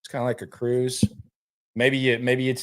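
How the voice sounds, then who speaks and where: A mid-range, fairly bright voice comes through in a monotone at a normal speed as a man hosts a casual sports live stream. The podcast host is laid-back and rambling, and he often repeats words on restarts.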